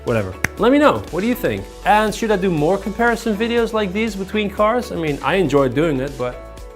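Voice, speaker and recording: A man's voice: sits high, very animated, a little fast, soft background music. A young man giving a casual car vlog review, talking loosely with fillers and restarts. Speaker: car vlogger.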